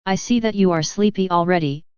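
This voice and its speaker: A woman reading the lines of a gentle, teasing young shepherdess girl in an audiobook. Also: lowish voice, fairly quick, clear, resonant tone, no room sound, dull audio, lightly acted.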